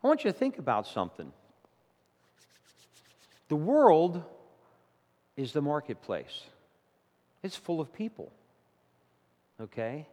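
A man preaching a sermon, telling a story in a lively, animated way. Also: slow pace, pauses often, big-room sound. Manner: animated storytelling, rising to loud indignant pitch in acted quotes. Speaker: pastor. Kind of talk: sermon with a told joke.

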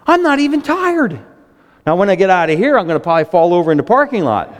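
Animated high-voiced preacher in his fifties. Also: quick pace, long reverb tail. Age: 50s. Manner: excitable, storytelling, animated swings in pitch. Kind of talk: sermon.

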